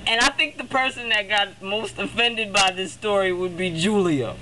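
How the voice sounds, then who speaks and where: A woman's voice: medium pitch, normal speed, bright, forceful tone. Chatty young woman, noisy background. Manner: chatty, laughs often, acts out quotes. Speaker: vlogger. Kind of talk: casual storytelling. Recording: noisy background with passing vehicles.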